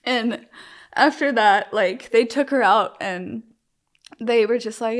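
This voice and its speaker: A woman's voice: a little high, slow. A young woman with a slightly raised voice talks openly about her own experiences. Her speech rambles, full of "like" and self-corrections, yet stays frank and emotionally open. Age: young adult. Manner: rambling, heavy on "like" fillers and restarts. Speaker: interviewee. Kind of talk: candid personal storytelling.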